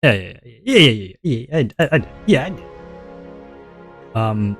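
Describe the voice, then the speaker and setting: A man chatting casually on a livestream, talking in a deliberately relaxed voice and rambling with many restarts and repeats. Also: medium pitch, soft background music. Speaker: streamer.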